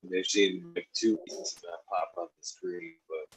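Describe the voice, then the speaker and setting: A man hosting a casual podcast chat, relaxed and easygoing with some swearing. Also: low voice, unhurried, husky, rough recording. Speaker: podcast host.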